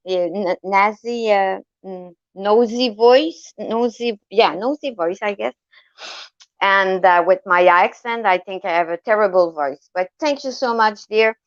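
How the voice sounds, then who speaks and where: A woman's voice: medium pitch, clear, resonant tone, no room sound, muffled recording. A woman, calling in to a casual chat, hesitant and often searching for words. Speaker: caller.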